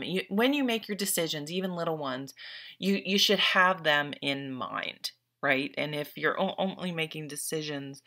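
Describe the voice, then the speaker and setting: Low-voiced woman giving an earnest tarot reading. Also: gravelly, pushed and bright. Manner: earnest, openly emotional. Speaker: tarot reader. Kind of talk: casual spoken tarot reading.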